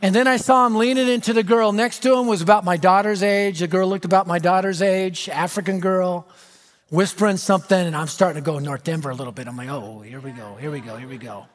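A middle-aged American man preaching a storytelling sermon, animated and dramatic, dropping to a hush for emphasis. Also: high-pitched, fast talker. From United States. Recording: reverberant hall.

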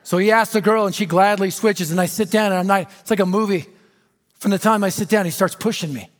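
A middle-aged American man preaching a storytelling sermon, animated and dramatic, dropping to a hush for emphasis. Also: sits high, brisk. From United States. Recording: reverberant hall.

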